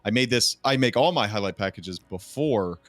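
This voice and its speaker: A man's voice: fairly low pitch, lively intonation, moderate pace, a bit bright, dry recording. A man talking casually and enthusiastically on a podcast, rambling through his thoughts. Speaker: podcast guest. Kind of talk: casual chat.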